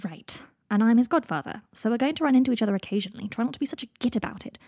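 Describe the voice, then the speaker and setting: A woman doing a plain-spoken young man who is fed up and says so. The voice is breathy and close, with a dry sound. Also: fairly high pitch, animated, very fast, warm tone, no echo. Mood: exasperated. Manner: weary and blunt.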